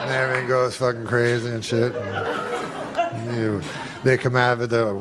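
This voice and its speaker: A male comedian telling a rambling, profane story in a deadpan way, with many fillers. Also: medium pitch, normal speed, a crowd in the background. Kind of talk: stand-up style storytelling.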